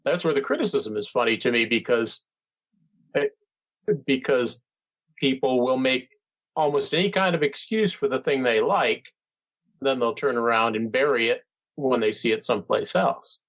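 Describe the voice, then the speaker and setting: A man's voice: mid-range voice, moderate pace, pauses often, fairly bright tone. A man in a casual podcast chat, giving blunt, opinionated takes. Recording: dull lo-fi sound.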